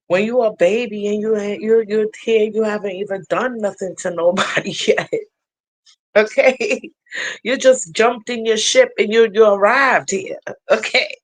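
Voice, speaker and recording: Slow, earnest woman spiritual vlogger. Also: medium pitch, low-quality recording. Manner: earnest, laughing, storytelling. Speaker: spiritual reader. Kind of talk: casual spiritual vlog talk.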